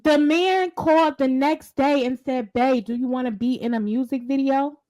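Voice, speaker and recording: Woman podcast co-host, emphatic gossip storyteller, acts out quotes, slightly high voice. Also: moderate pace, dark tone. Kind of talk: casual pop-culture chat.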